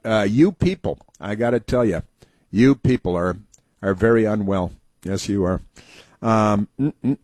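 A man's voice: medium pitch, darkish tone, no echo. A man hosting a casual talk show, rambling through anecdotes and mocking political commentary. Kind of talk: casual talk radio monologue.

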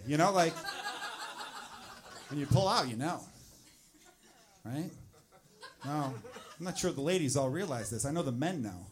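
A man doing a stand-up comedy set, swinging into loud, exasperated acted-out asides. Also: a little high, animated, measured pace, long pauses, crowd noise.

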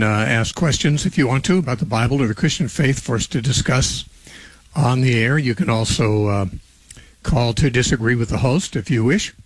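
A man hosting a live call-in radio show, speaking in an unhurried, conversational way, his voice a little rough and not yet warmed up. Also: medium pitch, no echo. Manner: unhurried, conversational, clears throat often. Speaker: radio talk show host.

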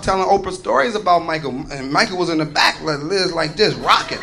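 A man's voice: a little high, brisk, gravelly, over music. A man doing a profane, swaggering stand-up routine. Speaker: stand-up comedian. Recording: live club with loud crowd noise.

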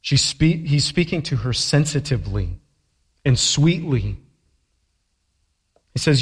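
A man's voice: mid-range voice, lively intonation, slow, gravelly, long pauses, husky. A man preaching a sermon as pastor, emphatic and fond of rhetorical questions, with a long echo from a large hall.

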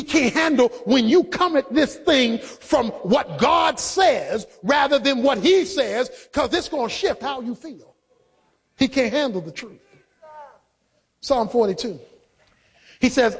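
A man preaching a sermon, emphatic and rising into shouts for emphasis. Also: very high voice, expressive, moderate pace, slightly rough. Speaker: pastor.

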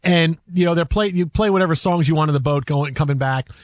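High-voiced animated sports radio man. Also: fast talker, dry recording, studio quality. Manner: animated storytelling, many restarts and fillers. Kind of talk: casual sports talk.

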